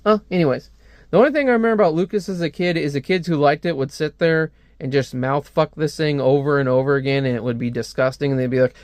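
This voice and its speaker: A man's voice: fairly high pitch, quick pace, dry recording. Jokey young man reviewing comics, dry mic. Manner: jokey, sarcastic, breaks into silly put-on voices. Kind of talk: casual comic review with read-aloud voices.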